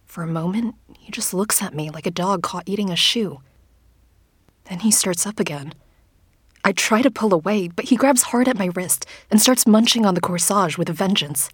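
A woman narrating a first-person story in an audiobook, in a hushed, often whispered, intimate delivery. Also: medium pitch, moderate pace, slightly rough, no echo, clean studio sound.

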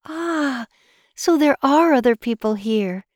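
A woman's voice: high voice, expressive, slow, dry recording, clean studio sound, voice pushed up. A woman reading the lines of a wondering, homesick young woman in a storybook. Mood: hesitant.

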